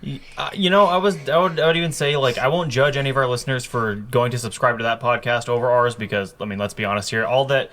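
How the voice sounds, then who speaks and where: A man's voice: mid-range voice, fairly even intonation, fast, few pauses, fairly bright tone. A man co-hosting a casual podcast, rambling and restarting his sentences in playful group banter. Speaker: podcast co-host.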